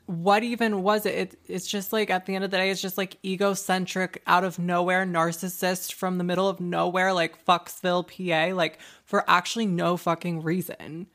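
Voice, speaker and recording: Blunt low-voiced woman chatting. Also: level tone, normal speed, few pauses, a bit bright. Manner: blunt, swears, laughs along. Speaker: podcast co-host. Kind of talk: casual chat.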